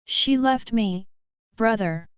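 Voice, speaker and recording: Heartbroken young man as a woman reads him, weeping, slow, very smooth clear tone, dry slightly dull storybook recording. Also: fairly high pitch, no echo. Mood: grieving. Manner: broken, tearful pleading.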